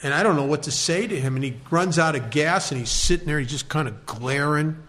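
Guy telling a recovery story, earnest and halting, kinda high voice, lots of restarts. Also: fairly bright tone. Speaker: recovery speaker sharing a story. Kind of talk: personal storytelling talk.

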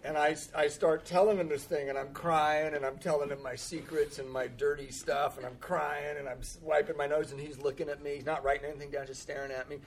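A man's voice: a little high, flat delivery, a little fast, few pauses, slight background noise. Candid man telling his recovery story. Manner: candid, self-deprecating humor with frequent laughs. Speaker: recovery meeting speaker. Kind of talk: personal storytelling talk.

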